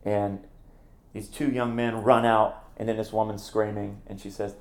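A middle-aged man, a ministry founder and former campus minister, telling stories in an interview in an animated way, laughing at himself. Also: on the low side, normal speed, echoey room. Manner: animated, acts out quoted voices, laughs at himself. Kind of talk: conversational interview storytelling.

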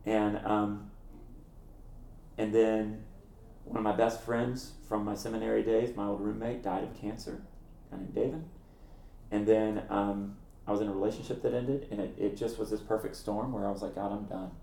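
A middle-aged man, a ministry founder and former campus minister, telling stories in an interview in an animated way, laughing at himself. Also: lowish voice, normal speed, gravelly, echoey room, slight background noise. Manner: animated, acts out quoted voices, laughs at himself. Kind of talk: conversational interview storytelling.

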